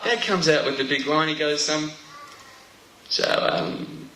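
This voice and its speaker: A young man is doing stand-up in a live venue, chatty and quick to poke fun at himself. His voice is bright and sharp, and he often trips over his words. The sound is roomy, with a faint hiss under it. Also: a little high. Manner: chatty, self-mocking, stumbles over words. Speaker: stand-up comedian. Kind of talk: stand-up routine. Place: comedy stage before a live audience.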